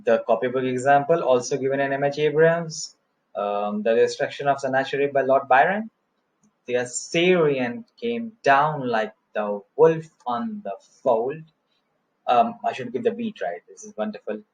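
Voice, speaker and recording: A man's voice: medium pitch, measured pace, poor audio. A man teaching English poetry, reciting verse and counting out stressed and unstressed syllables, with frequent fillers. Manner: frequent "uh" and "you know" fillers. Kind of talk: lecture on poetic meter, reciting verse.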